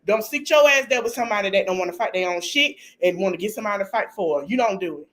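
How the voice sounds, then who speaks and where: A woman's voice: medium pitch, lively intonation, fast, fairly bright tone. A woman speaking talks straight to her livestream viewers. She scolds and repeats herself for emphasis, her blunt advice laced with swearing. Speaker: livestream host. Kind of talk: casual livestream commentary.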